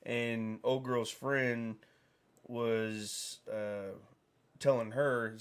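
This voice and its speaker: A man's voice: on the low side, level tone, measured pace. A man hosting a livestream, telling a meandering anecdote in casual chat. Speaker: livestream host.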